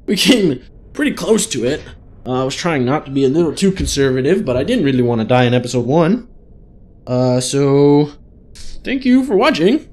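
A man's voice: on the high side, very animated, moderate pace, darkish tone. A man hosting a gaming channel, thinking aloud in chatty let's play commentary as he plays.

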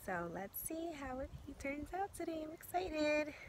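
A woman's voice: high-pitched, big pitch swings, moderate pace, noisy background. Chatty woman vlogging with her dog. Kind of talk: casual vlog chat. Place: in a car and outdoors.

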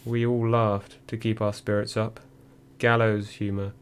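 In a low, flat, steady voice, a male narrator reads a first-person memoir as an audiobook. The delivery is dry and measured, and there's a faint underlying hum.

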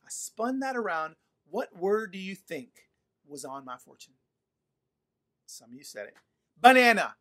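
A man preaching a sermon to an online congregation, telling stories in a playful, animated way and speaking straight to his listeners. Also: on the high side, measured pace, pauses often. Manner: animated, playful, addresses audience directly. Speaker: pastor. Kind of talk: sermon storytelling. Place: livestream during quarantine.

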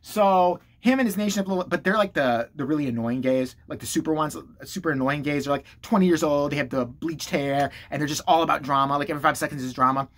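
A woman giving a brash, foul-mouthed comedic rant about online drama, with quick mock impressions of the people she talks about. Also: deep voice. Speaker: comedy commentator.

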